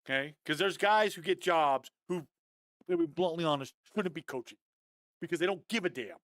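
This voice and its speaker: A man breaking down football game film on a live stream, animated and fired up, talking straight to his viewers. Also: a little high, normal speed, no echo, clean studio sound. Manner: addresses viewers as guys, often adds okay.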